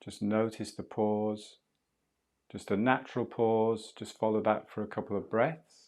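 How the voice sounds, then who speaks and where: A man leading a guided breathwork class, speaking slowly, softly and calmly. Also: on the low side. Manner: slow, soft and calm guidance. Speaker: breathwork instructor.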